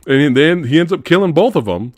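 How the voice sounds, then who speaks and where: A man hosting a casual movie review chat, animated, laughing often and acting out characters in high voices. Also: brisk, no room sound, studio quality. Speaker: host.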